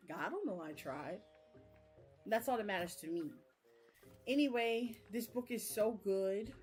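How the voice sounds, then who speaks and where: A woman's voice: mid-range voice, darkish tone. A young woman recapping a book chapter in a rambling, chatty way, full of fillers, on a casual live stream. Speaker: book vlogger.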